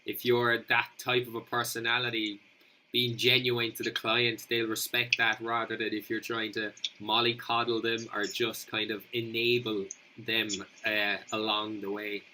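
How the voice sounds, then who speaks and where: Bright-voiced podcast host. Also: male voice, fairly low pitch, completely flat delivery, normal speed, slight background noise, poor audio. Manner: agreeable, laughs easily, asks open questions. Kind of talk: casual podcast interview.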